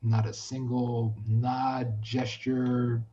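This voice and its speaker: American man telling animated stories, muffled sound. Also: mid-range voice, very slow, a little hiss or hum. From United States. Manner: animated storyteller, acts out quoted speech. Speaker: podcast guest. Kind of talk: casual chat.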